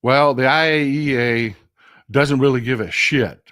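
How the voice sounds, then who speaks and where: A man at a middle pitch rants about politics on his own show, swearing freely and calling his viewers folks. His voice sounds dry and close, with almost no room around it. He talks in a casual, animated way. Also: measured pace, dry recording. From Texas. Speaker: political commentary host. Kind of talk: casual political livestream rant.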